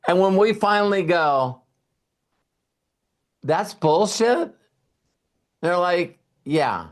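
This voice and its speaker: A man hosting a casual live talk, rambling and animated, with frequent fillers and laughs, speaking into a webcam. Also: high-pitched, unhurried. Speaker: host.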